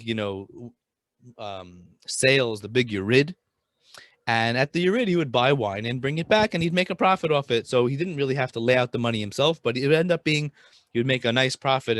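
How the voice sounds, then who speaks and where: A man's voice: mid-range voice, no room sound, studio quality. A man casually telling a Hasidic story, talking informally with many restarts and Yiddish and Hebrew terms.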